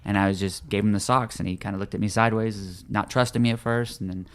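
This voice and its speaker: Male podcast guest, low-pitched, rapid talker who trips over his openings. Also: steady tone, clear, resonant tone. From United States. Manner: rapid, repeats words when starting sentences. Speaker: guest author. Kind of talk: casual interview chat.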